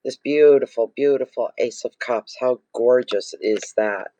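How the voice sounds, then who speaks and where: A man's voice: mid-range voice, unhurried, warm tone, no room sound. A man giving a casual tarot reading to camera, gushing and exclaiming over the cards he draws. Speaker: tarot reader.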